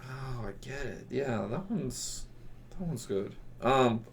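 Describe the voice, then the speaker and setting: A man's voice: medium pitch, lively intonation, takes it slowly, slight background noise. A man co-hosting a casual podcast chat, joking and laughing at himself. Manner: joking, self-mocking, laughs while talking. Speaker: podcast co-host.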